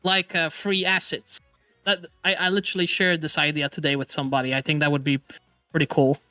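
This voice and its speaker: A man hosting a casual live stream as a VTuber, excitable, stammering and often laughing or swearing. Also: fairly high pitch, brisk, clean tone, dry recording, faint music behind.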